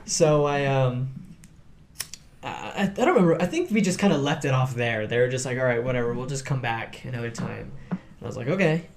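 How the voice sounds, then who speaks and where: A man's voice: mid-range voice, fairly quick, creaky. A young man hosting a casual podcast, in a mid-range voice. He tells stories with animation, voicing the people in them and laughing as he goes. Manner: animated storyteller, acts out quotes, laughs often. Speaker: podcast host. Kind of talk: casual storytelling chat.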